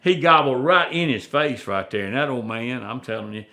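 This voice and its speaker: A veteran turkey hunter appears as a guest, telling stories in a plainspoken, folksy manner full of rural phrasing. His mid-range voice is animated and sharp in tone, moving at a normal speed.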